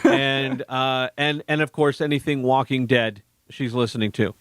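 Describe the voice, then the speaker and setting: A man's voice: medium pitch, steady tone, normal speed, a bit bright, smooth, dry recording. A man co-hosting a podcast, chatting casually in a jokey, rambling way and laughing often. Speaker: podcast co-host. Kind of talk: casual chat.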